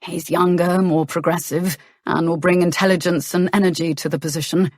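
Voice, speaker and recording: A woman narrator voicing a charming, rueful young nobleman in a calm, earnest manner. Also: on the low side, normal speed, no room sound, studio quality, close to an everyday voice.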